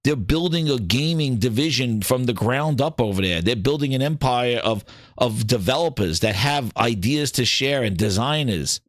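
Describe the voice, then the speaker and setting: A man hosting a gaming show, talking in casual, opinionated commentary. He swears freely, mocks other people in put-on voices and gets excited as he reads. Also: mid-range voice, normal speed, dry recording, clean studio sound. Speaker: gaming podcast host.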